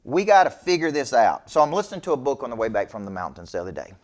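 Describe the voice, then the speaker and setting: His mid-range voice is sing-song and he talks fast: a middle-aged business coach giving a motivational talk to an audience. He is emphatic and preachy, repeating "okay?" to check in.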